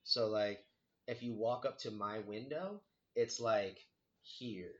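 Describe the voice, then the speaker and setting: A young man telling a story in casual chat, animated and profane, full of "like" and "dude". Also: fairly low pitch, takes it slowly, highs cut off. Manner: animated, swearing, heavy on 'like' and 'dude'.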